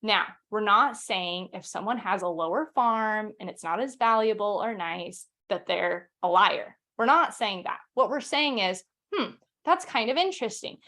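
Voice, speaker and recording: A young woman hosting a casual history talk at a home setup, chatty and quick, with fillers and restarts, reading quotes aloud. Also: medium pitch, sharp tone. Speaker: podcast host.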